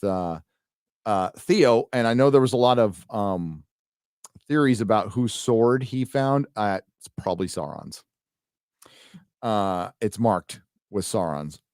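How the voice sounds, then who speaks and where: A man's voice: on the low side, darkish tone, no room sound, studio quality. A man reviewing a TV show in a casual live commentary, blunt and sarcastic, full of fillers and restarts. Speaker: video reviewer.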